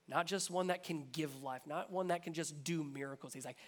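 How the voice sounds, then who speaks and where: A high-pitched man preaches from the pulpit as pastor. He speaks earnestly, repeats key phrases and builds his emphasis line by line. The sermon is delivered in a church. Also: steady tone, quick pace, hardly any pauses. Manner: earnest, repetitive, rising emphasis.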